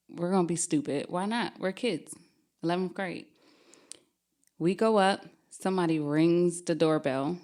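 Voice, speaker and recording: Low-voiced woman telling a ghost story. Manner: animated, laughing while telling a scary story. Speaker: podcast guest. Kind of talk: casual storytelling.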